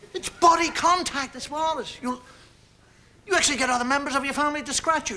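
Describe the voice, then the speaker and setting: A man's voice: extremely high pitch, fast talker, a crowd in the background. A man performing a stand-up comedy monologue on stage before an audience, talking conversationally and acting out gestures and sounds.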